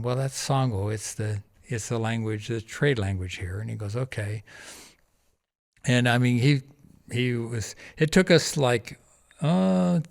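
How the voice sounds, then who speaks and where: A man being interviewed on a podcast, telling a lively anecdote and acting out the other people's lines with frequent laughter. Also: medium pitch. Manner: animated anecdote-telling, acting out quoted voices, laughs often. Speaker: podcast guest, charity founder. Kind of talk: casual storytelling interview.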